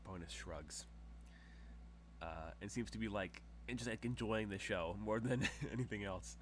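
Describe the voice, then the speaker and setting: A low-voiced man narrating as game master. He rambles through his scene descriptions with plenty of fillers. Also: measured pace, slight background noise.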